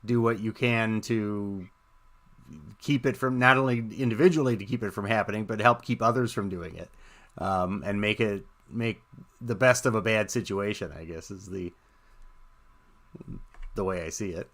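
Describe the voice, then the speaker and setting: A man's voice: fairly low pitch, moderate pace, pauses often, a bit bright. A man co-hosting a talk show, earnest and supportive, restating points with plenty of fillers. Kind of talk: casual talk-show chat.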